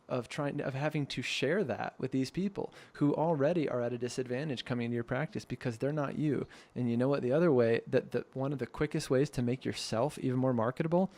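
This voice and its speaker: Brief: male podcast host, mid-pitched, lively chatty delivery, acts out voices. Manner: animated, acts out clients' voices, laughs often. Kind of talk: casual podcast chat.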